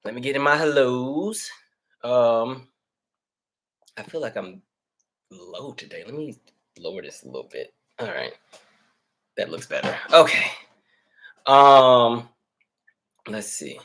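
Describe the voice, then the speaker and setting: Out of breath but relaxed, this livestream host chats with his viewers and reads their names aloud in an easygoing delivery. He talks slowly in a mid-range voice, leaving long pauses.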